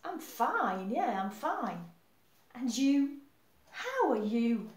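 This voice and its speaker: A woman teaching English to young children, leading songs and simple questions in a slow, cheerful teacher voice. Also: on the high side, very animated, roomy sound. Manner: slow, cheerful teacher talk, switching to song and whispers.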